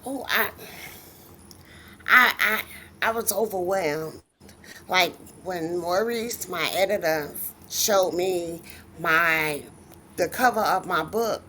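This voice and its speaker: A woman's voice: lowish voice, bright, forceful tone, slight background noise. A middle-aged woman, a guest author, telling stories in a casual interview and acting out the voices of the people she quotes.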